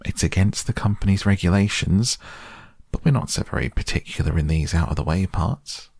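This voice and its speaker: A man's voice: sits low, a little fast, darkish tone, no room sound, studio quality, heavily acted. A man doing a burly kindly engine driver. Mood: friendly. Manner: rough homely country speech.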